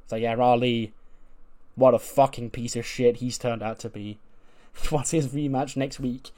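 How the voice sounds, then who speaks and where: A man chatting casually as a podcast host, his voice sitting in a middling pitch. He swears freely and rattles through the retelling, slipping into characters' lines along the way. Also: steady tone, normal speed. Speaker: podcast host recapping a wrestling game playthrough. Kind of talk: casual chat.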